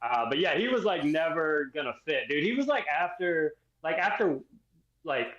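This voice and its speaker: Louisiana man, podcast guest, loose rambling delivery, slightly high voice, roomy dull audio. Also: big pitch swings, normal speed, a bit bright. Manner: rambling, filler-heavy, mocking. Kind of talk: casual chat. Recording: roomy, muffled remote audio.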